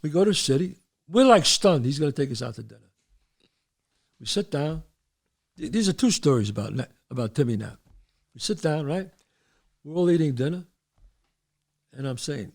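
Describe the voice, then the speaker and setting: A man from the Bronx, hosting a show and telling stories, animated and acting out voices. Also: a little high, moderate pace, long pauses. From the Bronx, New York. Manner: animated, acts out voices, trails off mid-sentence. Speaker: host. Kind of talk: storytelling.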